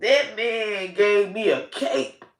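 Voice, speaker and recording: A woman comedian giving a tearful, emotional personal monologue, swinging from hushed to loud with heavy cursing. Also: medium pitch, slow, roomy sound. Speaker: comedian and social media creator.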